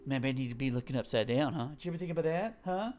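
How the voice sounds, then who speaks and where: Guy muttering through a puzzle game, cursing a lot, mid pitch, faint music behind. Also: animated, rapid-fire, darkish tone. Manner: frustrated muttering to himself, heavy swearing. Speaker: gamer. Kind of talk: gameplay commentary.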